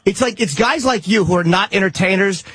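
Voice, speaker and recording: Guy on a radio show yelling at a caller, husky kinda high voice, dry studio sound. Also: a little fast, dry recording. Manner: insulting, yelling, combative. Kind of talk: heated radio argument with a caller. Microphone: studio microphone.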